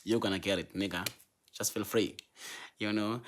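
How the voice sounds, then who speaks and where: A young man from South Africa talks straight to his viewers in an emotional vlog, pleading and repeating himself, stumbling over restarts. His voice sits a bit low for a man. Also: steady tone, normal speed, pauses often, a bit bright. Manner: pleading, repetitive, stammers and restarts. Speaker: vlogger. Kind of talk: emotional vlog talk to camera.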